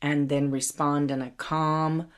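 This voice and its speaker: A woman with a very low voice, chatting casually on a podcast. She talks in an agreeable, conversational way. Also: level tone, slow pace, clean tone. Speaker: podcast co-host. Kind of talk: casual chat.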